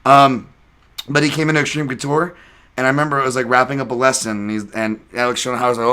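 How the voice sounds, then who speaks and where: Bright-voiced rambling podcast host, a man. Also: mid-range voice, flat delivery, quick pace, smooth. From Chinese heritage. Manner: rambling, laughing storyteller. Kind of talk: casual podcast chat.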